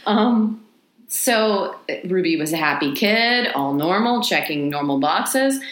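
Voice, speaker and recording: A woman's voice: lowish voice, expressive, unhurried, a bit bright, echoey room. A woman with a Texan accent, co-hosting a podcast and telling a story in casual chat, swearing freely and laughing often. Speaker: podcast co-host.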